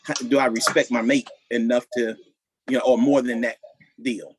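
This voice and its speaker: A married man on a couples panel, his voice mid-pitched. He rambles and restarts often as he works through his thoughts. The sound is dry with little room. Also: flat delivery, husky, no echo, rough recording. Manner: rambling, halting, many restarts. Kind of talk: casual panel discussion.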